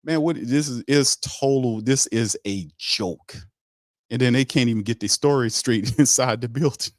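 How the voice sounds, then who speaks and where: A man's voice: medium pitch, moderate pace, no echo, clean studio sound. A man hosting a sports talk show in a blunt, emphatic rant that repeats points for emphasis.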